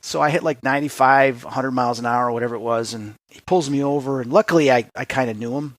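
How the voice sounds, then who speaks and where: A man hosting an interview, telling stories in a lively way and laughing often. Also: mid-range voice, fast, no echo, studio quality. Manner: lively, laughing anecdote teller. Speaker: host. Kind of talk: casual interview talk.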